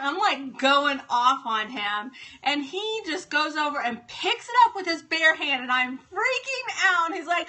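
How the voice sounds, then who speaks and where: A woman's voice: sits high, sing-song, moderate pace, pushed and bright. A woman hosting a casual live stream from home, chatting and greeting viewers by name. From Ohio.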